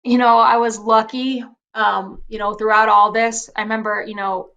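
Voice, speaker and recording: Soft-spoken young woman, filler-heavy. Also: fairly high pitch, level tone, normal speed, muffled recording. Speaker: guest wrestler. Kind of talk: emotional interview conversation.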